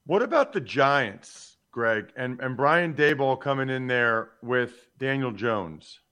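A man's voice: medium pitch, expressive, takes it slowly, pushed and bright, clear, resonant tone. A man hosting a casual sports talk, asking questions in a conversational way. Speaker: podcast host.

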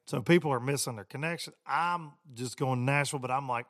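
A man's voice: mid-range voice, brisk, fairly bright tone, no room sound, studio quality. A middle-aged man hosting a podcast, telling a story in a chatty, rambling, self-deprecating way and talking straight to his listeners. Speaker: podcast host.

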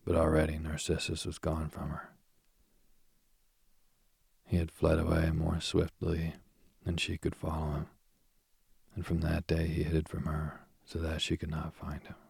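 Very deep gravelly man reading a myth. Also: completely flat delivery, unhurried, long pauses, no echo, clean studio sound. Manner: soft, often dropping to a whisper. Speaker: storyteller.

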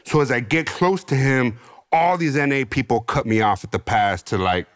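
A middle-aged man with a Chicano English accent, a podcast guest telling his recovery story in streetwise slang, animated and slipping into other people's voices. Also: medium pitch, moderate pace, no echo, studio quality. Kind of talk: casual storytelling interview.

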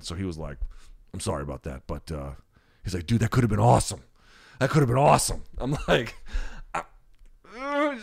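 Man, podcast host, somewhat low voice, swears a lot, lively anecdote teller. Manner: profane, animated storyteller acting out other voices. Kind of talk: casual storytelling and live chat.

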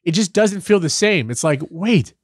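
A young man co-hosting a casual sports chat, telling rambling stories full of "um" and "like", jumping up in pitch when he gets worked up. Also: brisk, no echo, clean studio sound. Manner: animated, rambling storytelling with many fillers. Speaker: podcast co-host.

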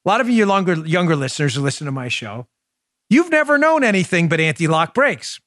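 Speaking fairly quickly and very animatedly, a podcast host in his forties delivers political commentary full of loud emphasis and sharp rhetorical questions. His Queens, New York accent and somewhat high voice come through dry and close on a studio microphone, without any echo.

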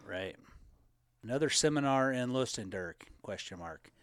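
A man answers viewer questions in a loose, easygoing chat, often pausing on fillers as he thinks aloud. His voice sits at an ordinary middle pitch. The sound is dry, with no room echo. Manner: relaxed and rambling, with many fillers. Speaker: elk hunting co-host answering viewer questions. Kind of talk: casual live Q&A chat.

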